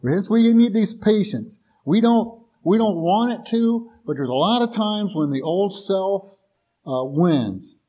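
A man's voice: high voice, expressive, measured pace, dark tone, dull audio. A male pastor preaching a sermon in a folksy, conversational way, often restarting sentences and acting out everyday voices in quoted asides.

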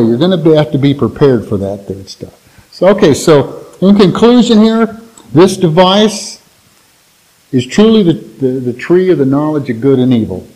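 A man's voice: medium pitch, dark tone, low-quality recording. A man giving an informal Bible teaching to his church in a plainspoken, folksy, conversational way.

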